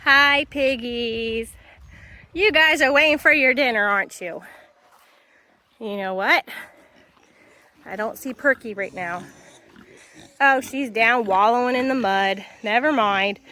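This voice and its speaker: A high-pitched woman talking outdoors on her farm. She coos and coaxes at her animals in a sing-song voice, then turns chatty and down-to-earth as she vlogs. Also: unhurried, long pauses, bright, forceful tone. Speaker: farm vlogger. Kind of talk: casual vlog narration.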